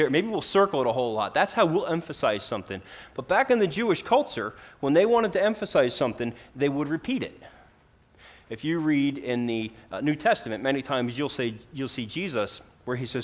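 A man preaching a sermon, earnest and emphatic, swelling louder for key lines and dropping low for solemn ones. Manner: earnest and emphatic, rising and falling in volume for emphasis.

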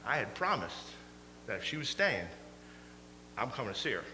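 A man preaching a storytelling sermon, animated and laughing through his stories. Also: medium pitch, moderate pace. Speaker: pastor. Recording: echoey hall, faint hum.

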